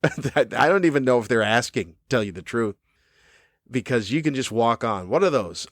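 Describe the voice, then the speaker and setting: A man's voice: mid-range voice, expressive, moderate pace, fairly bright tone, dry recording, studio quality. A man hosting his own podcast, a cranky comedian ranting angrily and swearing often. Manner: angry, profane, cranky. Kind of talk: ranting monologue. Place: cruise ship room.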